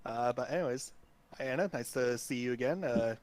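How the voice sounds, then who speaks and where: A man calling into a live stream, polite and a little hesitant, pausing often as he builds up to a question. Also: mid-range voice, over a noisy crowd. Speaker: viewer caller. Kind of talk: casual stream chat.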